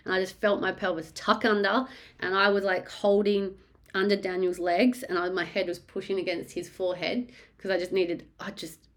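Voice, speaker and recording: A woman candidly recounting her birth story, frank and animated, swearing freely. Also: medium pitch, moderate pace.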